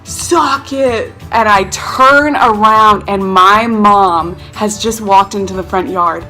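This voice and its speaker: A young woman vlogger telling her childhood stories in a casual, animated, self-mocking way, acting out the people in them. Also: medium pitch. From North Carolina. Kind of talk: casual storytelling to camera.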